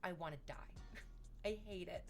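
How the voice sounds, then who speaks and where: A young adult woman, chatting casually on a stream, rambling and self-deprecating with loud outbursts. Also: lowish voice, moderate pace, creaky, faint music behind.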